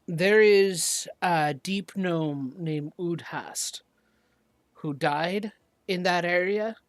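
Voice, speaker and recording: Gm doing a halting earnest townsperson in a tabletop game, slow careful speech, dry close sound. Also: medium pitch, dry recording, close to an everyday voice. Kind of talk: in-character tabletop role-play.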